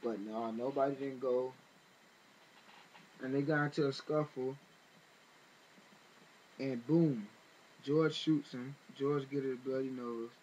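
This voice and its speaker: A man's voice: medium pitch, fairly even intonation, slow, long pauses, darkish tone, muffled recording, slight background noise. A man retelling events in casual spoken commentary, rambling with fillers and restarts and growing indignant as he talks. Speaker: vlogger.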